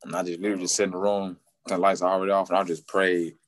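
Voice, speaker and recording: A low-voiced man tells his story with lively animation, jumping high in pitch whenever he acts out what people said. He laughs often between lines. The sound is dry and close, with no room echo. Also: very fast. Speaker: football player guest.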